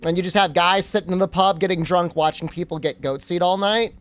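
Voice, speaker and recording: A man's voice: high-pitched, steady tone, a little fast, a bit bright. A young American man streaming and chatting casually, joking and reacting to questions from his chat.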